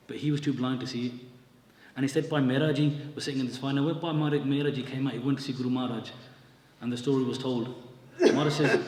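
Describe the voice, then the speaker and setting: A man's voice: medium pitch, steady tone, rapid-fire, a little mellow, slight background noise. A man telling a religious story as a lecture, acting out the quotes and mixing in Punjabi words. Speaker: Sikh scripture teacher. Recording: echoey hall from far off, faint ambience.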